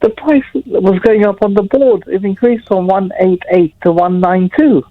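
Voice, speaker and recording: Excitable high-voiced male caller on the phone. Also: moderate pace. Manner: excitable, rambling, repeats himself. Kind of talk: phone-in call. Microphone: telephone. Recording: dull phone line.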